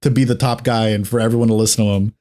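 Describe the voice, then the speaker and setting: A man's voice: lowish voice, racing. A man streaming a game and chatting casually, telling stories bluntly and acting out other people's lines. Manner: animated storyteller who acts out what others said. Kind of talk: casual chat while gaming.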